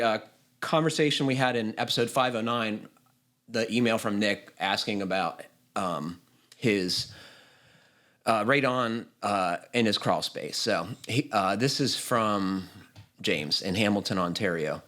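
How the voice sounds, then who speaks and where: A man's voice: lowish voice, a little slow, fairly bright tone. A man hosting a home-building podcast, chatting easily, laughing often and reading a listener's email aloud. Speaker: podcast host.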